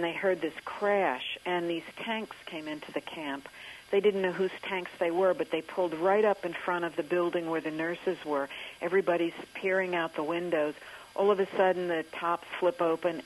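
A woman with a lowish voice speaks as an author in a radio interview, recounting events in a measured storytelling way. She pauses often and fills gaps with soft ums and uhs. A faint hiss sits under the recording. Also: poor audio. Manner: storytelling, thoughtful with frequent um and uh.

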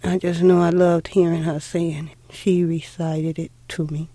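A middle-aged woman telling a heartfelt personal story in an unhurried way, acting out old conversations. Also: on the low side, flat delivery, warm tone, dry recording. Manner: unhurried, heartfelt, acts out dialogue. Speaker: interviewee.

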